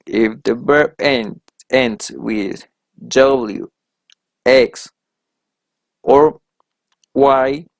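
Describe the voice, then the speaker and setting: A man with Spanish as his first language teaches an English grammar lesson at an unhurried pace. His voice sits mid-range for a man and sounds dry and close. He explains each rule methodically and keeps checking that his students are following. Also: mid-range voice, darkish tone, dry recording. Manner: methodical, checks in with "right?" after each point.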